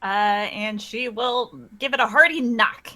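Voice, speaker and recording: A woman's voice: on the high side, measured pace, sharp tone. A woman playing a tabletop role-playing game, casual and playful, slipping in and out of character. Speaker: player.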